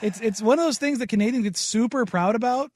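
A man's voice: very high voice, fast talker, a little mellow, no room sound. A man co-hosting a podcast in casual chat, blunt and contrarian in his opinions. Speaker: podcast co-host.

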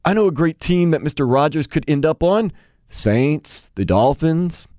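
A man hosting a radio show, chatting in a loose, rambling way. His voice is a little high and bounces around in pitch, set against a dry studio sound with soft music underneath. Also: animated, measured pace, no echo. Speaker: radio host. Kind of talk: casual radio chat.

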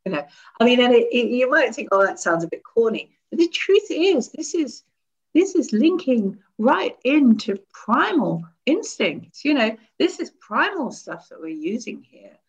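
A woman talking in an interview as a guest expert, animated, laughing often and demonstrating tones of voice while seated. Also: fairly high pitch, unhurried, muffled recording. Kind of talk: conversational interview. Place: seated indoors.

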